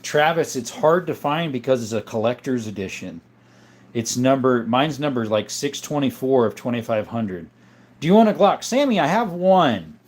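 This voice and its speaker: A man hosting a live stream in a casual chat style, reading out viewer comments and answering them in a relaxed, easygoing way. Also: mid-range voice, normal speed. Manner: relaxed, with frequent uh and um.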